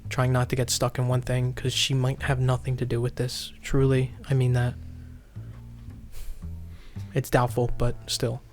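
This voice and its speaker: A man's voice: medium pitch, monotone, a little slow, long pauses. Man, game master, police lieutenant role, dry teasing delivery, faint music underneath. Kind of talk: tabletop role-play, in-character police talk.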